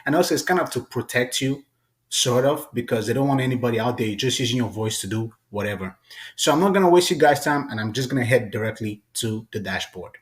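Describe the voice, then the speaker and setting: A man hosting a casual, chatty software tutorial. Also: medium pitch, lively intonation, brisk. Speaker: tutorial host.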